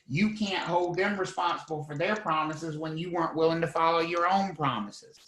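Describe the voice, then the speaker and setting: A man's voice: fairly high pitch, normal speed, fairly bright tone, reverberant, lightly acted, poor audio. A man voicing an exasperated judge who bluntly dismisses a case. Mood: fed up.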